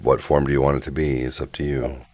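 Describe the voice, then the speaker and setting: A man hosting a casual interview, talking in animated, halting bursts and often restarting his sentences. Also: very deep voice, dry recording. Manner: animated, halting, quotes others in lively bursts. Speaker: podcast host.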